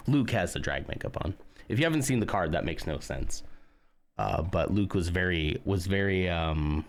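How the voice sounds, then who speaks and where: A man's voice: low voice, animated, unhurried, pauses often. A man casually chatting on a live stream while building a model, reading out and answering chat with jokes and self-mockery.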